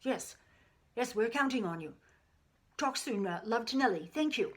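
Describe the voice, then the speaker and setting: A woman's voice: a little high, expressive, moderate pace, a little hiss or hum, close to an everyday voice. Woman putting on a hearty old-time male doctor. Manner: hearty, clubby phone chatter. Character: chummy male country doctor from 1918. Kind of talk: improvised phone-call role-play.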